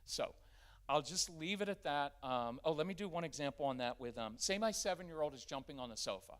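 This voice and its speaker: A middle-aged man giving a live workshop talk in a church, energetic and conversational. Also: on the high side. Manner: energetic and conversational, acting out quick family scenes. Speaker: parenting workshop speaker. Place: church gathering with a live audience.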